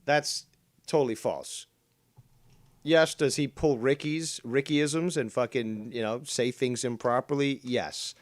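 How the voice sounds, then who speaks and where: A man's voice: mid-range voice, takes it slowly, dry recording. Sarcastic man on a dry-sounding stream. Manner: sarcastic, mocking. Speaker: livestream commentator. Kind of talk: livestream argument.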